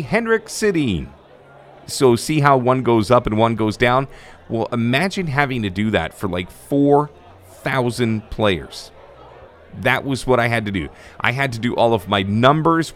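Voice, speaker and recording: A man with a somewhat low voice tells a story from his days as a stadium broadcaster and rink announcer. His delivery is casual and animated, with the easy flow of someone used to talking on a microphone.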